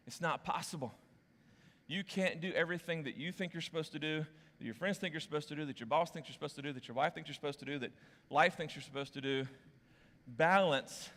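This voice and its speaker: A man's voice: a little high, a bit bright. A man preaching a sermon as pastor, joking with volunteers on stage and speaking candidly to the congregation. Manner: playful and joking with volunteers, then candid and confessional. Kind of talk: sermon with audience games. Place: church auditorium. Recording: long reverb of a large hall.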